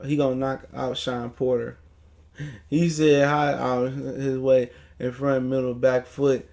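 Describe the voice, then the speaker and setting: A man's voice: medium pitch, level tone, takes it slowly, vocal fry, darkish tone. A man hosting a casual boxing livestream, ranting in a heated, profane, mocking way. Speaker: boxing talk show host.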